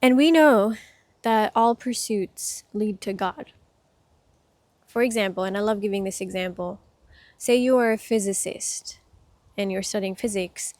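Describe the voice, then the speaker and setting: Soft reflective woman speaking outdoors. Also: medium pitch, dry recording. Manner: soft-spoken, reflective, halting; gets emotional. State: itchy from hay fever. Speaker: spiritual speaker. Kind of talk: casual spiritual talk.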